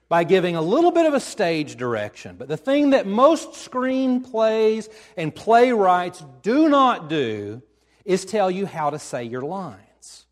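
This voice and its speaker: A male pastor preaches with a lively, swinging voice set a touch high, telling the story with gusto. He slips into acted-out lines as he goes, and his pitch rises and falls freely. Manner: animated storytelling, acting out quoted lines. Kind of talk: sermon.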